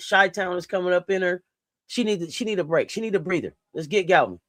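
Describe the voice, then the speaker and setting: A woman hosting a live basketball watch-along, reacting out loud and talking straight to the players. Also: lowish voice, fast talker, no room sound, studio quality. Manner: exclamatory, talks straight to the players. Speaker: sports watch-along host. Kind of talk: live game reaction commentary.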